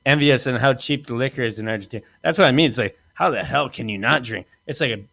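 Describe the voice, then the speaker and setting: A man hosting a casual comedy podcast, rambling and crude, acting out quotes in lively voices. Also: mid-range voice, fast, vocal fry. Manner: rambling, profane, acts out quotes in animated voices. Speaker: podcast host.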